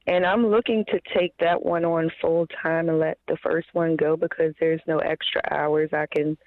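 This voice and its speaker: A woman calling in over a tinny phone line, hesitant and close to tears, stopping and starting as she speaks. Her voice sits at an average pitch and sounds dry. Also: level tone, no echo. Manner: hesitant, full of pauses and fillers. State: emotional, on the verge of tears. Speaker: caller. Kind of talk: phone-in call.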